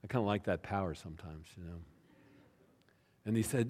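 A pastor telling a personal story in a sermon, chatty and self-deprecating, often tossing in "right?" and "you know.". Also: male voice, fairly low pitch, big pitch swings, a little fast, darkish tone. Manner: conversational, with frequent "right?" and "you know" asides.

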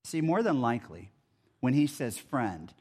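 A man's voice: medium pitch, unhurried, breathy edge. Male pastor giving a sermon, chatty, voice goes up and down a lot. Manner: conversational, animated.

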